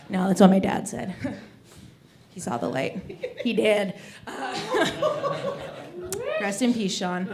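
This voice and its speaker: A woman performing a stand-up comedy set on a club stage, telling animated stories about kids. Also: medium pitch, slow pace, creaky, long pauses, a loud crowd. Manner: animated storytelling, acts out kids' voices.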